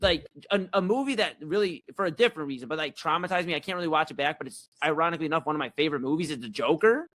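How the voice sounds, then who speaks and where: A young man co-hosting a comedy chat show, telling a story in a rambling, animated, self-mocking way. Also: on the high side, very fast, hardly any pauses. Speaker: co-host.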